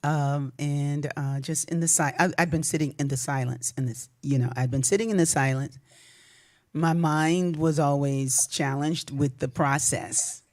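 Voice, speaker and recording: A woman's voice: low voice, darkish tone. A woman hosting a livestream who sings spiritual songs and then tells reflective stories in a casual way. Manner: slow, reflective, drawn-out phrasing. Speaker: singer and livestream host. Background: instrumental music.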